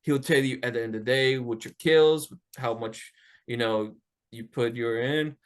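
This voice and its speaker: A man hosting a podcast, telling a casual story in an animated way, swearing freely and acting out the quotes. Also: mid-range voice, moderate pace, clean tone. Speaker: podcast host.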